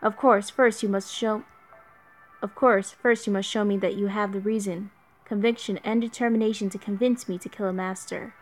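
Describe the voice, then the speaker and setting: A woman voicing a calm, stern male warrior servant from a game, speaking in a measured, formal way. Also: medium pitch, soft background music, natural voice.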